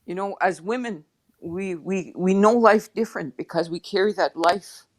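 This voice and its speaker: A woman guest speaking slowly and softly over a video call, emotional and near tears as she reflects between pauses. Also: medium pitch. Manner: slow, soft and reflective, with pauses. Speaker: guest drum singer. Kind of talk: heartfelt testimony on an online panel.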